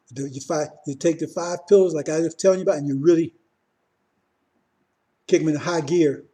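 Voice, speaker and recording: A man teaching religion in a loose, informal sermon, circling back over the same points and checking in with "see?" again and again. His voice sits a little high for a man yet sounds dark and mellow. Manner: repetitive, keeps asking "see?", restarts often.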